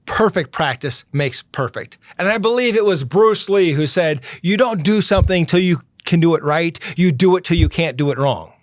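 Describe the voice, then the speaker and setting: A middle-aged man, a podcast host, answering interview questions in an earnest, emphatic way and slowing down to stress his key points. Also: fairly high pitch, lively intonation, no room sound.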